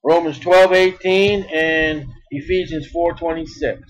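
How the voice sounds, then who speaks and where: A man preaching a sermon in an emphatic style, repeating words and swinging between loud bursts and soft asides. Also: fairly high pitch, fairly even intonation, a little slow, low-quality recording.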